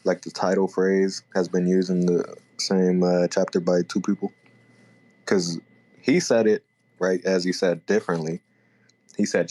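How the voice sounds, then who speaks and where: Deep voiced guy chatting on a podcast, laid back, thinks out loud. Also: steady tone, normal speed. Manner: laid-back, thinks aloud, self-correcting. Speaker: podcast co-host. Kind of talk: casual chat reviewing a manga chapter.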